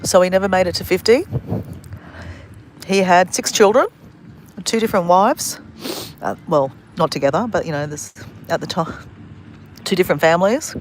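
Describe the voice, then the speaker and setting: A woman's voice: lowish voice, moderate pace, pauses often, slight background noise. A woman vlogging a story casually on a livestream, rambling and correcting herself as she goes, outdoors on a phone. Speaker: travel vlogger. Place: outdoors at a beach at sunset.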